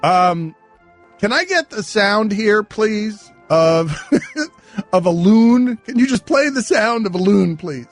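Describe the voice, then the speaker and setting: A middle-aged man hosting a sports radio show, riffing fast and breaking into giggles as he banters. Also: high-pitched, expressive, soft background music.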